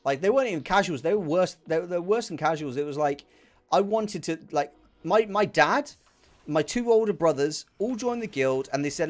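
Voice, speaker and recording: Young guy ranting on stream, swears a lot, kinda high voice, little bit of music behind. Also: expressive, brisk. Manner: angry, profane, repeats himself. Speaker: gaming streamer. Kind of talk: ranting chat while streaming a game.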